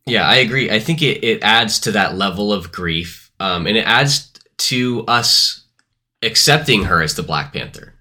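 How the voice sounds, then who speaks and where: A man's voice: on the low side, expressive, measured pace, pushed and bright. A man co-hosting a casual movie review podcast, rambling and correcting himself as he goes. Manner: rambling, self-correcting, hedging. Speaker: podcast co-host.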